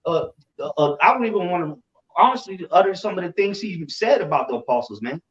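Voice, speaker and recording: A man recounts events in animated, casual chat, stumbling over repeated words and cursing as he goes. His voice sits a little high and comes from away from the mic. The sound is roomy and dull. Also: a little fast, recorded from a distance. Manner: animated, repeats himself, swears. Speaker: religious group member. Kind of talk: casual storytelling.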